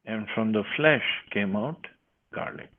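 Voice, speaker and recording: A man's voice: on the low side, measured pace. A man giving a scripture class, reading verses and then explaining them with frequent restarts. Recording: tinny phone-like line.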